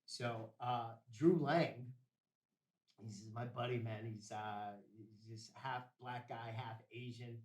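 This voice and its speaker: A man's voice: medium pitch, steady tone, slow pace, darkish tone. Streetwise man telling a story in a roomy space. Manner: profane, rambling, streetwise slang. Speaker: podcast guest. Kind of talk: casual storytelling. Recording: roomy, distant mic.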